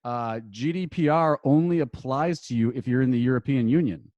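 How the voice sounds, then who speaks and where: A man's voice: medium pitch, moderate pace, darkish tone, dry recording, dull audio. A man, an attorney and marketer guesting on a podcast, explaining rules in a loose conversational way with many fillers and restarts.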